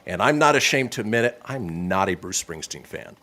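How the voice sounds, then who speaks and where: A man's voice: low-pitched, a little fast. A man hosting a radio show, reading this-day-in-history items with casual, joking banter. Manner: lively, laughs often.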